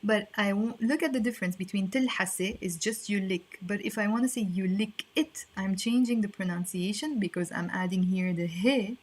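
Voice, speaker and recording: A woman's voice: mid-range voice, fairly quick, hardly any pauses. A woman teaching a language lesson online, explaining in a playful, chatty way with asides.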